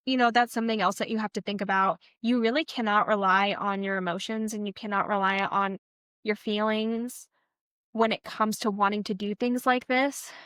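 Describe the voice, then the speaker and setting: A woman's voice: mid-range voice, a bit bright, smooth, no echo. A woman, a veterinary technician co-hosting a podcast, telling her story in a candid, earnest casual chat. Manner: reflective, encouraging. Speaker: podcast co-host.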